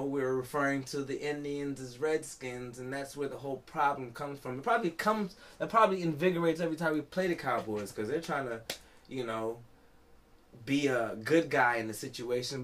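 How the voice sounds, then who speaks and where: A tipsy man hosting a podcast, rambling casually and profanely, with a constant "you know what I'm saying.". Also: fairly high pitch. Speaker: podcast host.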